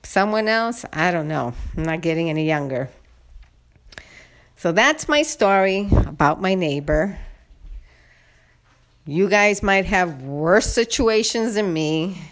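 A woman's voice: on the low side, expressive, slow, pauses often, a bit bright. A woman telling viewers a personal story in a casual, indignant, venting way, addressing them directly. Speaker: vlogger.

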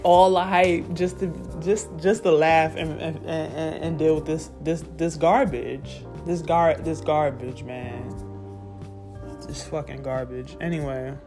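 A woman with a low, throaty voice rants casually about a game, swearing freely and sounding fed up. She keeps slipping into laughter as she vents, and faint music plays behind her. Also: steady tone, slow. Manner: profane, exasperated, laughing ranting. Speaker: gamer reviewing a video game. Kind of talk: casual ranting vlog.

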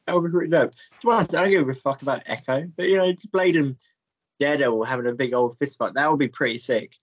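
A man's voice: mid-range voice, quick pace, dull audio. A man co-hosting a podcast in casual chat, laughing often and self-deprecating. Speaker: podcast co-host.

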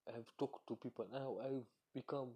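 A man's voice: mid-range voice, level tone, normal speed, warm tone, husky. Blunt, profane man ranting casually. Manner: acts out quoted voices. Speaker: commentator. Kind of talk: casual monologue.

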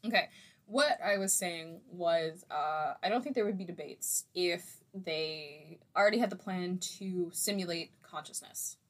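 A woman's voice: lowish voice, a little slow. A woman co-hosting a casual chat, blunt and joking, who swears freely.

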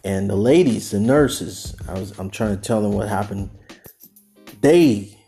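A man with a fairly low voice tells a personal story as a podcast host. He rambles, restarts and acts out what others said. Soft music plays quietly behind him. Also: measured pace. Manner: rambling, animated, acts out quotes.

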